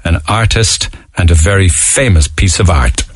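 A man's voice: deep voice, moderate pace, very noisy. A man with an Irish accent hosting a radio talk show, chatting casually with callers, reading out listener texts and laughing easily. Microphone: studio microphone.

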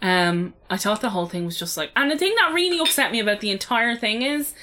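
A woman's voice: medium pitch, sing-song, quick pace, pushed and bright. An Irish woman in her thirties co-hosting a casual podcast chat, blunt and swearing freely. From Ireland. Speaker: podcast co-host.

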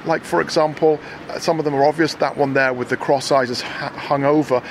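A man's voice: on the high side, fairly even intonation, fairly quick, slight background noise. A man reporting for a radio show, chatting in a rambling, hesitant, self-mocking way and interviewing people on the street.

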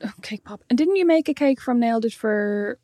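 A woman's voice: on the high side, animated, fairly quick, mellow, no room sound, studio quality. A woman co-hosting a podcast, chatting casually with a blunt, teasing manner. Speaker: podcast co-host. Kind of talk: casual chat.

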